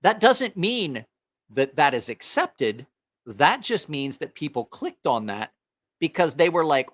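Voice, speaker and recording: A man on an angry, cursing rant, his voice swinging widely in pitch. It sits a little high and comes out bright and forceful as he vents his opinions straight to the camera. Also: huge pitch swings, normal speed. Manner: angry, profane ranting. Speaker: knife channel host.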